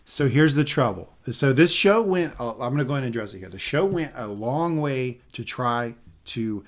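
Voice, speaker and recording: A man's voice: medium pitch, animated, normal speed. A man co-hosting a casual podcast recap, talking in a rambling, self-correcting way with wry asides. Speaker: podcast co-host.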